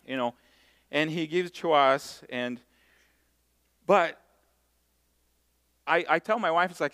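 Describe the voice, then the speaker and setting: Man preaching with a smooth voice. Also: on the high side, measured pace, pauses often. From Brazil. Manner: storytelling, self-mocking and animated. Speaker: pastor. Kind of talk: sermon. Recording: long hall reverb.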